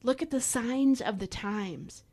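A woman's voice: fairly high pitch, a little slow, darkish tone. A woman hosting a devotional podcast, preaching fervently and urging listeners to act, with folksy asides and repeated emphasis. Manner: fervent, exhorting, direct address to listeners. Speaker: podcast host and Bible teacher.

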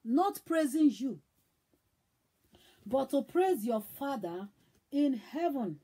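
A woman evangelist preaching in a high voice. She is emphatic and repeats herself, one moment loud and the next almost hushed. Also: very animated, slow pace. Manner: emphatic, repetitive, swings between loud and hushed. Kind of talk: sermon.

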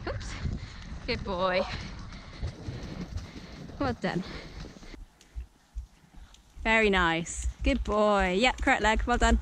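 Speaking extremely slowly with frequent pauses, a medium-pitched British woman talks to her horse as she rides an outdoor arena, coaxing and praising it and laughing a lot. A helmet-mounted action camera captures the noisy outdoor scene, hooves included.

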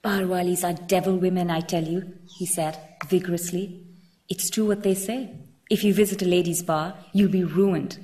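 A woman's voice: fairly low pitch, fairly even intonation, moderate pace, dark tone, lightly acted. A woman reading a book passage aloud, voicing a vigorous, boastful man who lectures in local slang. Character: boastful male bar patron, leering and chatty.

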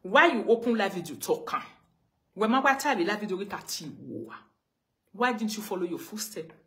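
A woman's voice: mid-range voice, animated, normal speed, a bit bright. A woman with a Nigerian accent, ranting on a live video and scolding someone with the same pointed questions again and again. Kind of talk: confrontational live rant.

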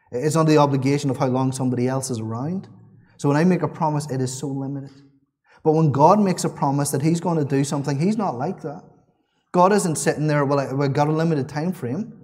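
A man's voice: a little high, a little mellow. A man preaching a sermon in a church, earnest and repeating his key phrases, with small restarts.

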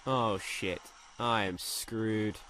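A young man doing let's play commentary, excitable, swearing a lot and shouting when thrilled. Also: fairly low pitch, extremely slow, faint music behind. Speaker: gaming commentator.

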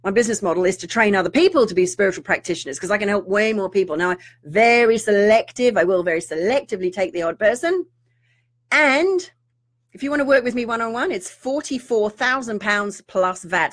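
A middle-aged woman, a spiritual teacher talking to viewers in an animated, ranting way with mock-outraged asides. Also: medium pitch. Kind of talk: live-streamed rant to viewers.

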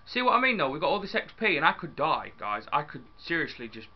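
A young man chatting casually as he plays a building game, excitable and talking to his viewers and his in-game dog. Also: on the high side, fast, muffled recording. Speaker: gaming YouTuber.

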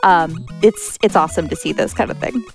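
A woman's voice: lowish voice, fairly quick, vocal fry, soft background music. A woman giving upbeat, chatty commentary on a live speedrun and talking to the viewers.

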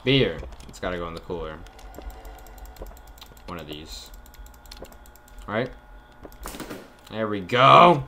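A young man with a fairly low, expressive voice plays a horror game for his viewers, speaking slowly with vocal fry and frequent pauses. This gaming YouTuber keeps his talk chatty and jokey, recording in a dark room at home on a desk mic with a face cam, with noise in the background.

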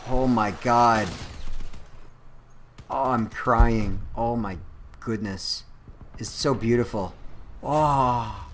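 A man giving casual gameplay commentary, excitable and exclaiming at the action. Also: lowish voice, slight background noise.

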